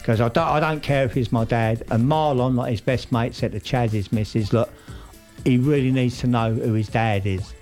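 A man's voice: mid-range voice, fairly even intonation, normal speed, a little mellow, soft background music. A man casually recapping a soap plot, rambling with lots of fillers and restarts. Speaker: podcast co-host recapping a soap. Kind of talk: casual chat, storytelling recap.

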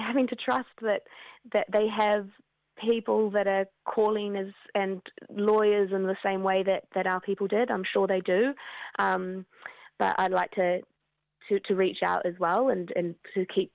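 Activist interviewee, New woman, earnest and halting, with a creaky voice. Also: medium pitch, no echo. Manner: earnest, halting with many restarts. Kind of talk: remote news interview. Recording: dull lo-fi dry sound.

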